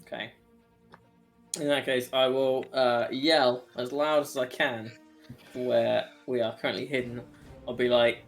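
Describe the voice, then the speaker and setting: A man playing a tabletop game, calmly reporting his rolls and asking questions. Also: mid-range voice, unhurried, pauses often, soft background music. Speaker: player. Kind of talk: casual tabletop play.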